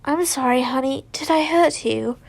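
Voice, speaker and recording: A woman voicing a gentle, apologetic young man who comforts his fiancé, speaking softly and haltingly, often near a whisper. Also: high-pitched, vocal fry. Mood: tender.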